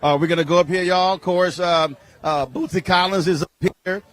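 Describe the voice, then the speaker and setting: A man with a high, bright, ringing voice works a crowd as a roving event reporter. His talk is upbeat and familiar, full of friendly teasing toward the people he interviews. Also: steady tone, brisk. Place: outdoor crowd.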